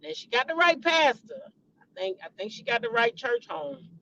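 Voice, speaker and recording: A woman's voice: high voice, lively intonation, normal speed, vocal fry, bright, forceful tone, lo-fi sound, a little hiss or hum. A woman hosting a celebrity gossip show, chatting casually and animatedly to her viewers and calling them y'all.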